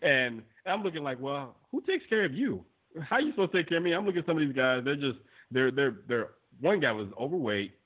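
On a podcast he co-hosts, this man chats casually and tells stories with lots of energy, performing quotes and laughing frequently. His voice is mid-range and fairly quick, with a lo-fi sound.

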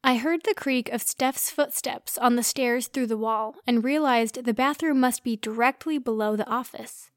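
A woman's voice: fairly high pitch, dry recording, clean studio sound. Young woman narrating a story. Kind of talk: first-person story narration.

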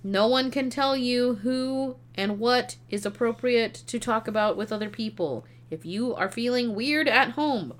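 A woman's voice: on the high side, a little slow, few pauses. A woman co-hosting a podcast, talking bluntly and emphatically with plenty of swearing. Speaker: podcast co-host. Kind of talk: casual movie review chat.

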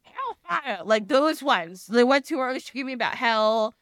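A woman hosting a casual podcast, rambling and laughing as she goes. Her voice is fairly high and very animated. The sound is close and dry. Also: normal speed, dry recording. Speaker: podcast host. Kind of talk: casual chat.

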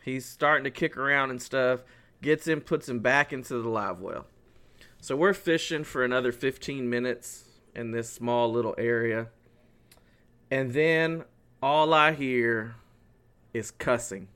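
A man's voice: medium pitch, unhurried, clear, resonant tone. A man co-hosting a podcast, telling a story in casual chat and acting out the lines people said. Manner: animated storyteller who acts out his own and others' lines. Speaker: podcast co-host.

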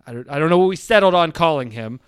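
A man's voice: fairly high pitch, quick pace, clear, resonant tone, no room sound. A man co-hosting a casual podcast, recapping a movie, laughing often and acting out characters' lines. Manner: animated, laughs often, acts out lines in shouted voices. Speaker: podcast co-host.

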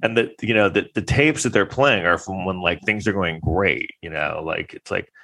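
A man's voice: sits low, moderate pace, creaky, sharp tone. A man talking in a rambling, wry casual monologue, full of fillers and restarts.

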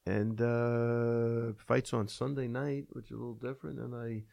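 A relaxed, joking man who coaches fighters and co-hosts the show. His voice is gravelly with plenty of fry, and he talks at an easy, middle pitch. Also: normal speed. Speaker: coach and co-host. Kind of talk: casual chat.

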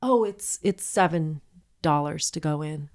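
A woman's voice: sits low, a little slow, darkish tone. A woman in her thirties co-hosting a podcast, telling a story in casual chat, swearing freely and acting out the people she quotes. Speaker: podcast co-host.

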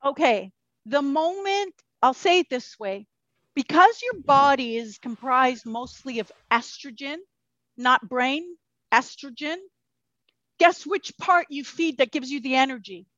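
Animated high-voiced woman guest swearing freely. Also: a little slow, no echo, dull audio. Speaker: podcast guest, empath. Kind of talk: casual interview chat.

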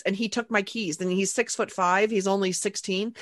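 A woman's voice: mid-range voice, fairly quick, no echo. Chatty woman with a dry, close sound. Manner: chatty, storytelling, animated anecdotes. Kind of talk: casual podcast conversation.

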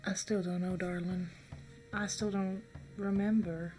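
Woman playing a hushed, guilty witch mentor. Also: lowish voice, flat delivery, unhurried, soft background music, lightly acted. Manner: soft, hushed, evasive.

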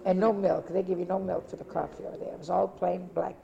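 An older woman from Italy, talking about her past in an interview in a rambling, repetitive, animated way. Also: on the low side, fast, vocal fry, lo-fi sound. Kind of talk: casual reminiscing. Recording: crowd chatter behind.

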